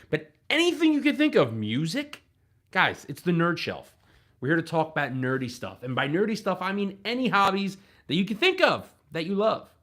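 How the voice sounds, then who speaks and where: A man's voice: on the high side, a bit bright. Guy yapping on his home livestream, rambly, lots of ums, voice jumps up and down a lot. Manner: rambling, talks to camera and chat, frequent ums. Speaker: livestream host. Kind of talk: casual livestream chat.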